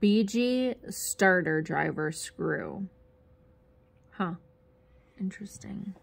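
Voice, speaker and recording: A woman's voice: fairly low pitch, lively intonation, very slow, creaky, slight background noise. A woman co-hosting a casual video, sorting through found items, curious and playful, wondering aloud about each piece. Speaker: co-host sorting a storage unit find. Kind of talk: casual on-camera chat.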